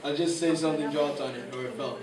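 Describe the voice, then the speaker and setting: A man's voice: on the high side, steady tone, fast talker, a little mellow, slight background noise. A young man telling a casual anecdote among friends, laughing often and acting out quotes with slang. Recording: echoey room, distant mic, crowd chatter.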